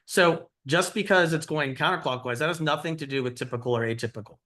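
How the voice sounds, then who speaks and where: A man's voice: fairly high pitch, quick pace, sharp tone. A middle-aged man giving a conversational teaching lecture, explaining and quizzing his audience. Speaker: cardiology lecturer.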